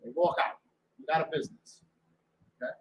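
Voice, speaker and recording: A man preaching as a show's host, loud and mocking, repeating himself and breaking into shouts. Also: fairly quick, echoey room, lo-fi sound. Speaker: street preacher and show host. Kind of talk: fiery preaching talk. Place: indoor room with a door to the street.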